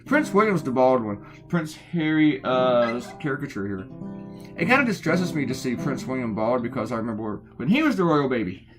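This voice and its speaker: A middle-aged American man talks through his drawing session in a loose, rambling way, tossing in sarcastic asides. His voice sits at an average pitch, and guitar music plays clearly under his talk. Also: sing-song, normal speed. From United States. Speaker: cartoonist. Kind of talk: casual chat while drawing.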